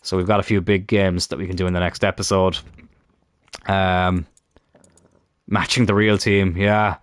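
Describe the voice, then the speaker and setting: A gaming YouTuber with a low-pitched, smooth voice and flat delivery talks at normal speed with no echo. Commenting casually on a football management game, he grumbles and mutters in frustration, often swearing at it.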